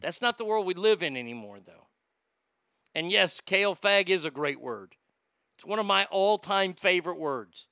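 A man's voice: high-pitched, animated, normal speed, pushed and bright, clear, resonant tone, no room sound. A man hosting a podcast in casual, profane, rambling commentary, reading listener comments aloud. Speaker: podcast host.

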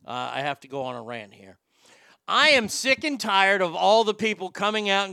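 Profane ranting man, bright voice. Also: high voice, expressive, normal speed, vocal fry, clear, resonant tone, no room sound, studio quality. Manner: profane, combative, sarcastic. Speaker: host. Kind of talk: ranting celebrity commentary.

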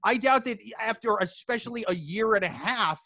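Comic man, high bright voice, dry close mic, riffing and cursing between laughs. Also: expressive, moderate pace, no room sound. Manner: profane, joking, slips into put-on voices. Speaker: co-host. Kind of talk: casual comedy podcast banter.

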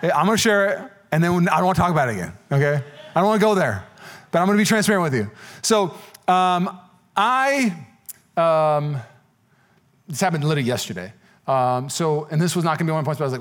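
Young guy pastor preaching fast, slangy and jokey, voice sits kinda high, climbs on the big repeated lines. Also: animated. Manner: conversational, joking, slangy preaching with rising repetitive appeals. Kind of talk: sermon.

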